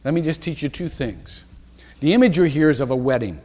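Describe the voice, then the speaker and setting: Lively preaching man in a reverberant church. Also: fairly high pitch. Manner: rambling, self-interrupting, with quick asides and chuckles. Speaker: pastor. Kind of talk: sermon. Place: church sanctuary.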